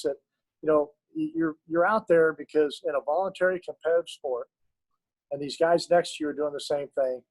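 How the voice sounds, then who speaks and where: A man's voice: fairly high pitch, darkish tone, husky, dry recording, low-quality recording. A middle-aged man, a basketball coach, telling stories in an interview in an earnest, emotional way with many restarts. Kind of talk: storytelling in an interview.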